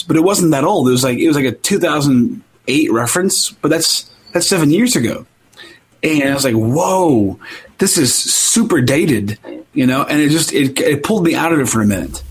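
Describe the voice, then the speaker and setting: A husky, slightly breathy man talks casually as a podcast co-host. He's jokey and keeps slipping into goofy voices, with ordinary pitch and an easygoing delivery. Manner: jokey, slips into silly put-on voices.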